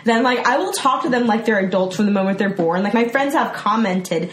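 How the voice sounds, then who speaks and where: A young adult woman chatting as a podcast guest, bubbly and giggly and quick to slip into silly voices. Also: fairly high pitch, expressive. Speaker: podcast guest, improv performer. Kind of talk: casual chat. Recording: roomy with background noise.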